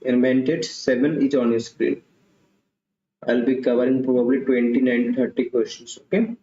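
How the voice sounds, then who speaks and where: A man's voice: mid-range voice, normal speed, mellow. Man tutoring, roomy lo-fi sound. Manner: repeats questions and options, mixes in Hindi asides. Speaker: English literature tutor. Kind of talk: online exam-prep class.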